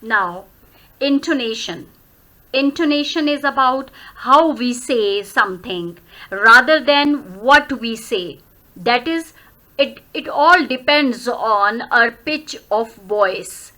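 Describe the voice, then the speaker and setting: A woman teaching a grammar lesson, explaining words one by one in a slow, deliberate way. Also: a little high, lively intonation, pushed and bright. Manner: slow, deliberate word-by-word explaining, switching into Hindi. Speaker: English teacher.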